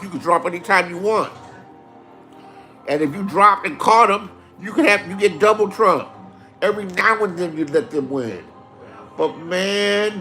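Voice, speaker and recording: A middle-aged man spins stories from his youth, swearing freely and getting animated. His voice sits a little high for a man. He sounds like he is talking casually with friends. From Inglewood, Los Angeles. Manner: profane, animated street storytelling. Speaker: host telling stories. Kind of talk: casual storytelling.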